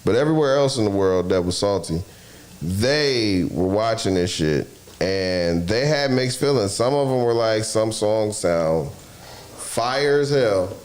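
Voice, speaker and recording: Brash swearing dude riffing on basketball, laughs a lot, echoey room. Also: male voice, fairly low pitch, expressive, normal speed. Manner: loud, profane, laughs a lot. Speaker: podcast host. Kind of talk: casual sports talk. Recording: roomy echo, faint noise.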